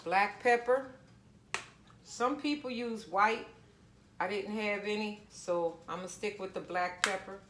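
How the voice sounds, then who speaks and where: A woman's voice: mid-range voice, takes it slowly, roomy sound, background noise. A woman casually talking viewers through a home cooking recipe, chatty and down-to-earth. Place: home kitchen.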